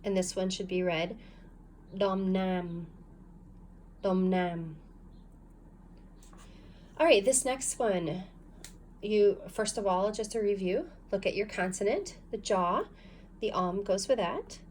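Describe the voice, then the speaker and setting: A woman's voice: mid-range voice, animated, measured pace, pauses often, darkish tone, a little hiss or hum. A woman teaching a recorded phonics lesson, guiding learners patiently step by step and sounding out syllables. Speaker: language teacher.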